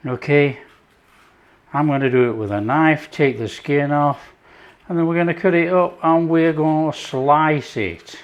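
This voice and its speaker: Speaking at a measured pace in a fairly high-pitched voice, a man hosts his own cooking show and makes relaxed small talk while preparing a dish. He is not from France.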